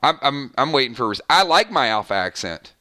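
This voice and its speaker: A man's voice: mid-range voice, sing-song, brisk, sharp tone. A man hosting a live stream, chatting casually and thanking viewers by name, often stumbling and restarting his sentences. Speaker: live-stream show host.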